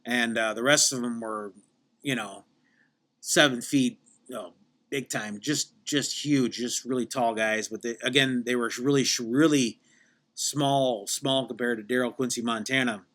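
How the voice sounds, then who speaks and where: Male podcast host, meandering deadpan comic storyteller, bright tone. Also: mid-range voice, unhurried. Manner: meandering, self-correcting, deadpan tall tale.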